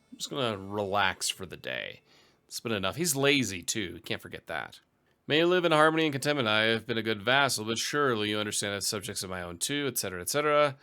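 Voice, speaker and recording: Bright-voiced man narrating gameplay. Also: lowish voice. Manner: dry, wry asides, reads event text aloud. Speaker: let's play host. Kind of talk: gameplay commentary reading event text.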